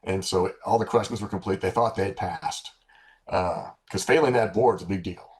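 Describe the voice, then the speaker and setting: A man's voice: sits low, moderate pace. A man in his sixties, a former military pilot, telling stories casually in an interview, with many restarts and blunt, profane language. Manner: relaxed anecdotes with frequent restarts and profanity. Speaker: former fighter-bomber pilot, guest.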